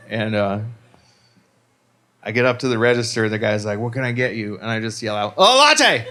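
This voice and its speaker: Male stand-up, club stage mic, average pitch, meandering self-deprecating delivery. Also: clear, resonant tone. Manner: rambling and self-deprecating, with bursts of loud punchlines. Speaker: stand-up comedian. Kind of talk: stand-up set.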